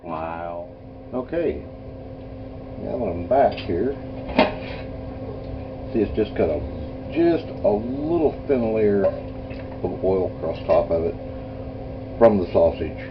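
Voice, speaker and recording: Deep-voiced older man rambling in his kitchen. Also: big pitch swings, slow pace, pauses often, noisy background. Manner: rambling, folksy storyteller. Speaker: home cook. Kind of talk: casual cooking vlog. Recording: dull lo-fi home video with faint music.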